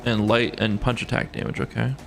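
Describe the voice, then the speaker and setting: Gravelly low-voiced man streaming a game. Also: brisk, soft background music. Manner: relaxed, thinks aloud, laughs easily. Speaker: gaming streamer. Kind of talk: casual live gameplay commentary.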